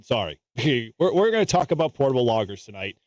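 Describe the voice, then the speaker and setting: Male podcast co-host, easygoing and chatty, mid-pitched, dry close recording. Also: fast, no echo, low-quality recording. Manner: relaxed, laughs often, many fillers. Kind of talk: casual chat.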